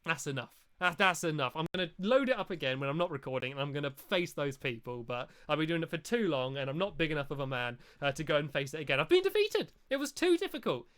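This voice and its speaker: A man giving chatty, excitable let's-play commentary, talking straight to his viewers and cheering himself on at a desk microphone. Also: on the high side, quick pace, few pauses, no room sound. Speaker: gaming YouTuber. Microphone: desk microphone while gaming.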